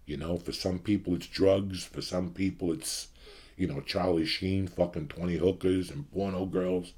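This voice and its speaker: A man's voice: low-pitched, a little mellow, husky. A man in his fifties from the New York area, hosting his show with a blunt, profane rant to his audience. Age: 50s. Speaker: podcast host.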